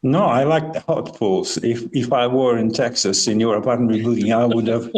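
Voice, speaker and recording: A man's voice: mid-range voice, fairly even intonation, normal speed, darkish tone, a little hiss or hum, rough recording. Hesitant man. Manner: hesitant, thoughtful, frequent restarts. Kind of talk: casual chat.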